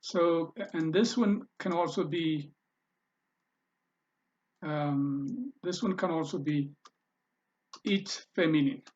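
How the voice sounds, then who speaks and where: A man's voice: fairly high pitch, slow pace, pauses often, a little mellow, muffled recording. A man teaching a language lesson over a screen recording, patiently repeating each pronunciation and thinking aloud as he edits his slides.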